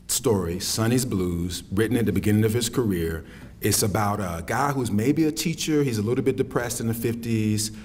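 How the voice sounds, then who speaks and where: A middle-aged man from South Carolina, lecturing on campus with animated storytelling and folksy asides. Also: fairly low pitch, a little hiss or hum. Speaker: poet lecturing. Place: lecture hall.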